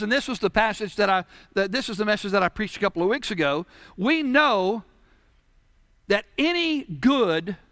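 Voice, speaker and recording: A man's voice: high voice, sharp tone, dry recording, clean studio sound. A man preaching a sermon, pressing home his points with rhetorical questions. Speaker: pastor.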